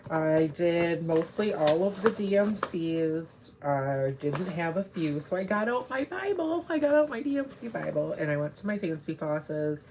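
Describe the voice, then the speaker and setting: Woman craft vlogger, low and gravelly, chatty and meandering, home camera with faint hiss. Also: a little mellow. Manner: chatty, rambling, self-correcting. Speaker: cross-stitch vlogger. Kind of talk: casual show-and-tell chat.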